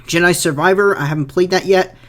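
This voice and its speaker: A man's voice: high voice, fairly even intonation, a little fast, fairly bright tone. A young man giving casual director's commentary on his fan film, rambling with many fillers and repeated words.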